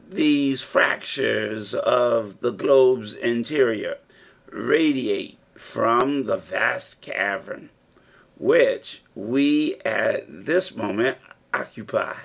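A man's voice: medium pitch, vocal fry, exaggerated voice. A man reading an older male professor who gives firm, encouraging instructions, as an audiobook character.

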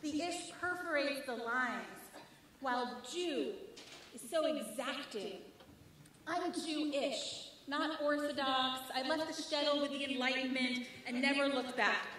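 Bright-voiced woman rabbi preaching. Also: high-pitched, unhurried, slight background noise. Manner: expressive, rhythmic preaching with wry humor. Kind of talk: sermon. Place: large synagogue sanctuary. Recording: echoey sanctuary, mic at a distance.

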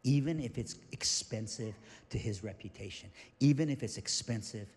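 A man's voice: medium pitch, normal speed, darkish tone, lightly acted. A man voicing a playful God who teases his angels and then speaks earnestly, recorded in a reverberant church hall. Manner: teasing, emphatic.

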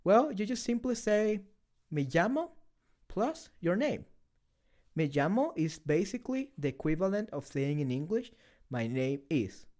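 Guy teaching a beginner class, kinda high voice, pitch jumps around a lot, explains everything step by step. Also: expressive, moderate pace, mellow. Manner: clear, explanatory, didactic. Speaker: language teacher. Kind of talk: scripted lesson narration.

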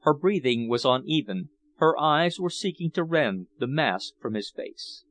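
A man's voice: on the high side, unhurried. A man reading a novel aloud as an audiobook narrator. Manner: expressive storytelling. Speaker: audiobook reader. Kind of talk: scripted narration.

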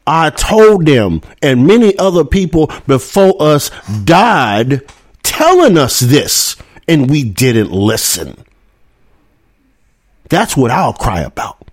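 A man's voice: a little high, very animated, takes it slowly, dry recording, clean studio sound. Fiery, profane man. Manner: fiery, profane, rhetorical asides. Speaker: podcast host. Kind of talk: heated political talk show monologue.

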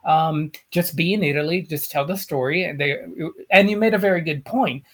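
A man co-hosting a casual chat, passionate, with frequent restarts and halting phrases. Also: fairly high pitch, fairly bright tone. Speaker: podcast co-host.

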